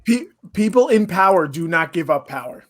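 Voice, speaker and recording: A man's voice: high-pitched, lively intonation, normal speed. A man co-hosting a casual podcast, arguing his points emphatically and repeating phrases for stress. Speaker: podcast co-host. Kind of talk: casual chat.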